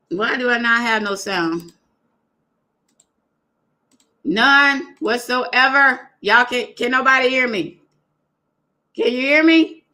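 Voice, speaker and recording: Bright, high-voiced woman live-streaming. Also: unhurried. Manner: animated, laughing, talks straight to viewers. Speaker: livestream talk show host. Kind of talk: casual live-stream chat.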